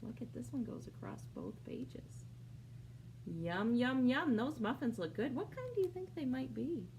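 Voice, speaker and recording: Woman children's librarian, slow and lively read-aloud, asks kids questions, faint room hum. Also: on the high side. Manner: slow, sing-song, asks young listeners questions. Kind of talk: preschool storytime read-aloud.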